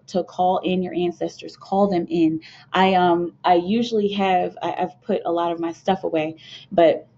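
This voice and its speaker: A young woman from the United States talks to her viewers about spiritual matters, earnest and meandering, full of fillers and false starts. Her voice sits low with a soft, mellow tone. The sound is dull and lo-fi. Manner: earnest, rambling, with many fillers and restarts. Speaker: spiritual card reader hosting a channel. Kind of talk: casual spiritual talk to viewers. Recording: dull lo-fi home video sound.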